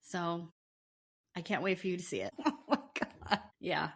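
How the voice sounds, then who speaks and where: Listen for a woman with a lowish voice who co-hosts a casual podcast. She tells a story with energy and slips into little performances of other people's lines. Her delivery is chatty and unpolished. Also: measured pace, slightly rough. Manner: animated storyteller, acting out quotes. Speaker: podcast co-host. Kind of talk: casual recap chat.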